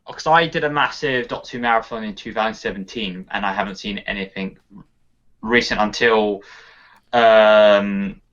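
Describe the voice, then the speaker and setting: A man's voice: fairly low pitch, normal speed, a bit bright, highs cut off. A man chatting on a podcast in a loose, meandering way, trailing off mid-thought. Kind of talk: casual chat.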